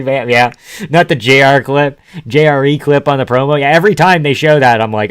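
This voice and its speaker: A young man from Canada riffing loosely on a live stream, cracking jokes and swearing freely between laughs. His voice sits at an ordinary middle pitch, and the recording is dry and close with no room sound. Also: fairly quick, a bit bright, clean tone, no echo. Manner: joking, swearing, often laughing. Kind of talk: casual live-stream fight commentary.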